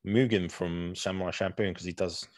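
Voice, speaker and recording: A man's voice: low-pitched, steady tone, moderate pace, no echo. A man co-hosting a podcast, chatting casually and rambling with restarts and laughs. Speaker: podcast co-host. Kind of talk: casual chat.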